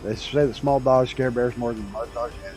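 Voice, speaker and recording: Easygoing guy chatting on a stream, mid pitch, swears now and then, a bit of music behind. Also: steady tone, moderate pace, darkish tone, poor audio. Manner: laid-back rambling storyteller, swears casually. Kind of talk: casual chat while streaming a flight game.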